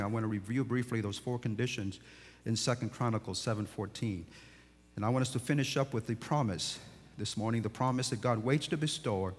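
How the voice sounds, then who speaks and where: A man, a pastor, delivering a sermon that swings from hushed, quiet passages to emphatic, rising declarations. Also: mid-range voice. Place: large church sanctuary. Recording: long church reverb.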